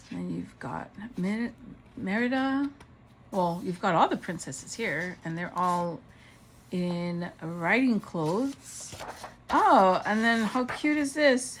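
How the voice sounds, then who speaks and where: A woman's voice: mid-range voice, a little hiss or hum, rough recording. A woman vlogger narrating a casual show-and-tell of craft supplies, gushing and exclaiming over each item.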